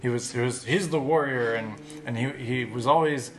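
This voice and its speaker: Bright-toned man, easygoing and rambling in podcast banter. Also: medium pitch, moderate pace, a little hiss or hum. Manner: laid-back, rambling, restarts sentences. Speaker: podcast co-host. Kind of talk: casual group chat.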